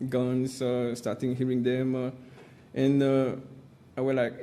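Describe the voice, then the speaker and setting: Testifying at a public hearing, a man from Seychelles whose first language is Seychellois Creole speaks English in a dark, warm, mid-range voice that stays monotone. He talks haltingly, filling gaps with frequent "uh"s, and keeps pushing his point with an insistent, repeated "my friend."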